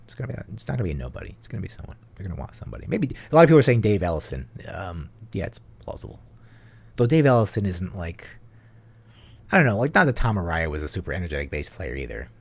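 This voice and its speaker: A man's voice: low-pitched, very animated, fast talker, creaky, breathy edge. A man co-hosting a casual podcast, rambling and self-deprecating and leaning heavily on "you know". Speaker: podcast co-host.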